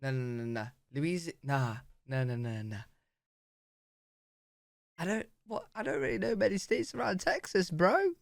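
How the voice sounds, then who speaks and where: A young British man reacting to video clips in a casual, excitable, slang-heavy way. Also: a little high, a little slow, creaky, long pauses, no echo, studio quality. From Britain. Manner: excitable, slangy, says "bro" a lot.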